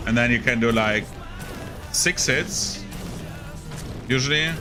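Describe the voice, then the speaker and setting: A man's voice: mid-range voice, slow pace, over music. A young man casually commenting on his gameplay, rambling and chatty with lots of fillers. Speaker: gaming streamer.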